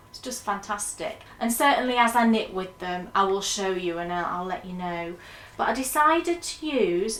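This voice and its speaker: A woman's voice: medium pitch, fairly bright tone, roomy sound. A woman co-hosting a knitting podcast, chatting enthusiastically and rambling about her projects. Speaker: podcast co-host. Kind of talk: casual knitting podcast chat.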